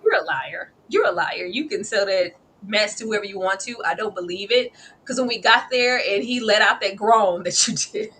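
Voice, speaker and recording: A woman hosting a casual chat show, talking in an animated, emphatic way full of slang. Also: mid-range voice, normal speed, slight background noise. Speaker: host.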